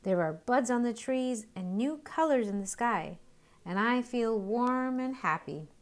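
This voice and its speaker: A woman's voice: a little high, animated, measured pace, pitched above the performer's own voice. A woman voicing a cheerful little bird in a children's storybook, with an upbeat, chirping delivery.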